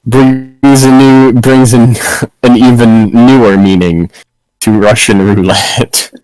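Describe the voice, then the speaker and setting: A man chatting casually with fellow tabletop game players, playful and quick to laugh. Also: mid-range voice, fairly even intonation, a little mellow, faint music behind, low-quality recording. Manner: giggly, playful. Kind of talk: casual chat.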